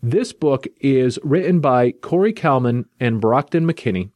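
A man hosting a casual chat, recapping a comic book plot in a lively, jokey storytelling way. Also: mid-range voice, measured pace, dry recording, studio quality. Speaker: podcast host reviewing a comic.

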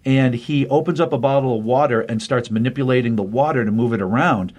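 A man's voice: medium pitch, brisk, a little mellow. A man hosting a casual talk show, recapping a comic book in a rambling way and correcting himself as he goes. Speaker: comic book podcast host. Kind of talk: casual spoken review.

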